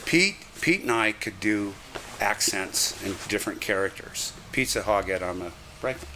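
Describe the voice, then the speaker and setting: An older man recounts his years on the railroad with lively, chuckling asides. His voice is bright and forceful, sitting a little low. The storytelling is loose and conversational. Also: moderate pace, slight background noise. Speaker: retired railroad conductor. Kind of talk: reminiscing storytelling.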